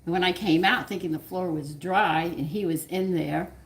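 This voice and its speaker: An older woman with a Southern US accent, a cooking channel host, telling a home story in casual, animated talk and laughing often. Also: on the low side, normal speed. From American South. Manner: animated, laughs often, swings loud and quiet.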